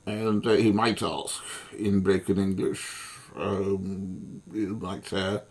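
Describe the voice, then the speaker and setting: A man's voice: low-pitched, fairly even intonation, slow, slightly rough. A man delivering an angry, swearing monologue as an online commentator, furious and repetitive.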